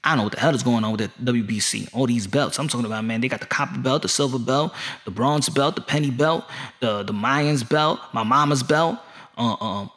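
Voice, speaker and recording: A man's voice: mid-range voice, a little fast, a bit bright. A man ranting casually as a boxing vlogger, rambling and joking with plenty of swearing. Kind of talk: casual rant.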